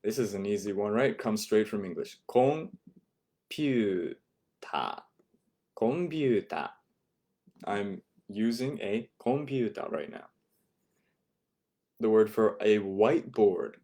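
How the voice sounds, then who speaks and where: A man teaching a beginner Japanese class over a live stream, patiently repeating words and modeling pronunciation slowly. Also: on the low side, steady tone, mellow. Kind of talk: online language lesson.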